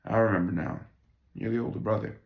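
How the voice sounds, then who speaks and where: A man cold-reading a play, voicing a polite, guarded young woman who speaks in a hesitant, measured way. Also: fairly low pitch, gravelly, lo-fi sound. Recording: roomy echo.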